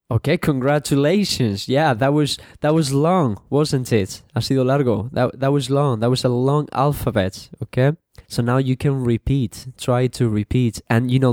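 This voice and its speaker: Male tutor, mellow and unhurried, repeats and translates everything. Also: medium pitch, dry recording, studio quality. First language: Spanish. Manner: slow and repetitive, switching to Spanish for translations. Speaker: English teacher. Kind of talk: bilingual language lesson.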